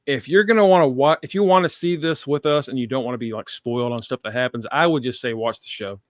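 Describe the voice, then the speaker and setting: A man's voice: medium pitch, quick pace, dry recording, studio quality. Laughing man in casual chat. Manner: swears and laughs often. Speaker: podcast host.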